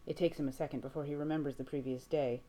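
A woman narrating a story aloud in a steady, measured reading voice. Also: deep voice. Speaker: reader. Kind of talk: audiobook fiction reading.

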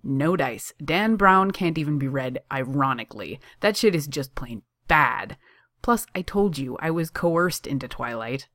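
A reader voicing an excitable young man who works as a barista, eager and teasing as he talks. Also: mid-range voice, unhurried, no echo, clean studio sound. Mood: playful. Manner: eager and teasing, laughing easily.

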